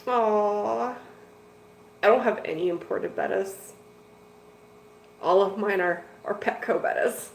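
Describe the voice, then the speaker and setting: Her voice sits in the mid range, slow and marked by vocal fry and frequent pauses. She's streaming casually about fish-keeping from a home room lined with tanks, rambling to viewers with lots of "like" and "dude," in an echoey space with slight noise.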